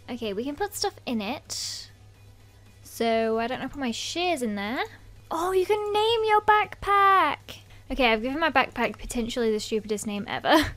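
A young woman hosting a let's play, chatty and playful, gasping with excitement as she narrates her game. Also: sits high. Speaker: gaming channel host.

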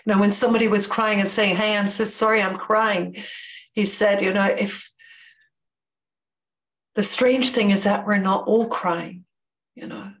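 A woman guiding a reflective conversation, speaking gently and searching for words. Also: medium pitch, steady tone, measured pace, pauses often.

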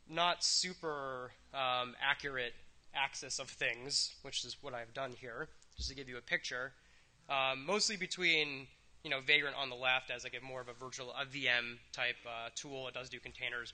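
Bright-voiced man giving a casual tech talk. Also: medium pitch. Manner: casual, many ums and uhs, loose wry asides. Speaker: conference speaker. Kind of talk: technical conference presentation.

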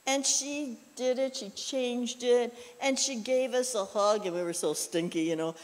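A woman preacher delivering a relaxed, story-filled sermon in a church. Her voice trails off into a long, echoing reverb. She speaks in an easygoing, folksy way and often drops in "you know.". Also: a little high, unhurried. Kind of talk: conversational sermon with personal stories.

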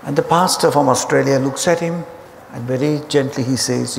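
A man preaching a sermon, telling humorous stories in an animated way. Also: medium pitch, moderate pace, vocal fry. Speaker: pastor. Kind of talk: sermon storytelling. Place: church auditorium. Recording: hall reverb with faint ambient noise.

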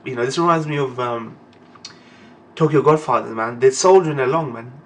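A man's voice: mid-range voice, a little fast. A young man giving a live reaction to reading manga, talking emotionally and swearing freely, ending phrases with "man". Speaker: anime and manga reaction host.

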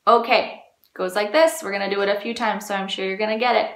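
A woman children's librarian leading a storytime, talking to young children in an animated, sing-song way. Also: mid-range voice, quick pace, slight background noise. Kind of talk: children's storytime reading and singing. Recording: echoey room.

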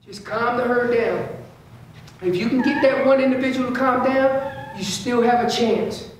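In a big indoor store, a man with a very high voice gives a casual elk-calling seminar at a moderate pace, repeating key phrases, speaking for what the elk are thinking, and using slang. The room echoes, he's far from the mic, and a faint hum runs underneath.

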